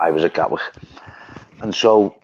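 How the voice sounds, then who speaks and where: A man's voice: low-pitched, moderate pace, slightly rough, highs cut off. A man with a Liverpool accent hosting a live stream, rambling through stories and laughing often. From Liverpool, England. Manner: chatty, rambling storyteller who laughs often. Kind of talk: casual chat. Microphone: phone.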